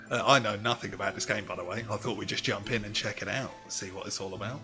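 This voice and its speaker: Man, let's play commentary, casual, swears, lowish voice, game music behind. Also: a little fast, hardly any pauses. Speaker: gaming channel host. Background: video game music.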